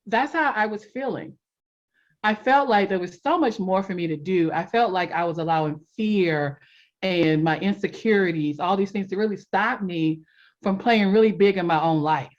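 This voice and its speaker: A woman guest on a podcast telling a personal story in a casual interview, animated and quick to laugh. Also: medium pitch, lo-fi sound. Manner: animated, laughs often, acts out quotes. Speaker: podcast guest, life coach.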